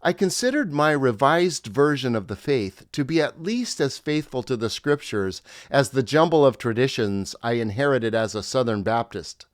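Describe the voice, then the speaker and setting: A man's voice: mid-range voice, no echo, studio quality. A middle-aged man, a former pastor, narrating his memoir in a wry, reflective storytelling manner.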